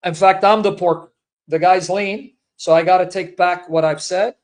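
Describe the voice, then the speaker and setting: Earnest high-voiced man, emotional. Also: fairly even intonation, normal speed. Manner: earnest, repetitive, addresses listeners as brethren. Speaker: Christian apologist livestream host. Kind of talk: emotional personal statement on livestream.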